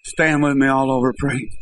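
A man preaching a sermon in church, telling a story and then building to impassioned, shouted appeals to the congregation. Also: a little high, rough recording.

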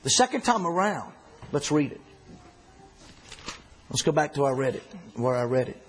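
A man teaching a Bible study in an animated, folksy way, often repeating himself. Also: a little high, moderate pace, slight background noise.

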